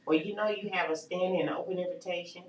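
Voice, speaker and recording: A woman's voice: on the low side, fairly even intonation, fast talker, reverberant, recorded from a distance, slight background noise, low-quality recording. A woman hosting a call-in radio show, an eager, agreeable interviewer chatting with her guest. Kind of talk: casual chat on a call-in show.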